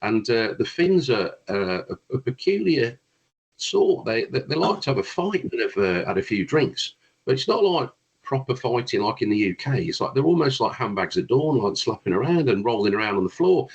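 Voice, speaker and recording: A man's voice: medium pitch, big pitch swings, normal speed, husky, lo-fi sound. A man, a guest brass player, telling long rambling anecdotes in a casual chat, with frequent restarts.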